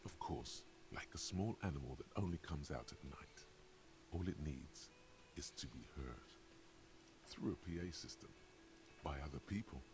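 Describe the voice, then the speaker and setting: A man voicing a wry, dramatic inner narrator in a video game, speaking in slow, grave storytelling tones with dry irony. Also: lively intonation, a little mellow, slight background noise. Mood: coaxing. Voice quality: deep, gravelly.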